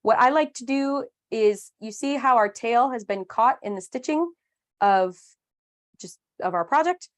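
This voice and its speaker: A woman's voice: a little high, animated, measured pace. A woman in her thirties leads a live online craft lesson, chatty and upbeat. She explains each step with playful asides and a friendly, conversational pace. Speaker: craft class instructor.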